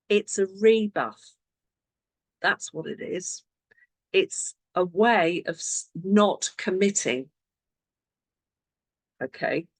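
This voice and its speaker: Animated woman coaching a team. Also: mid-range voice, dry recording. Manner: animated, acts out sample conversations. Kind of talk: online team coaching session.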